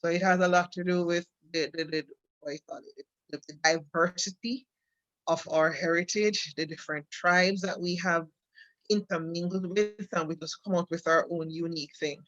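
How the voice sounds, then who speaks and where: A woman's voice: fairly low pitch, steady tone, moderate pace, fairly bright tone, no echo, dull audio. A Jamaican woman co-hosting a casual chat, explaining things patiently with examples and often repeating her words. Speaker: co-host.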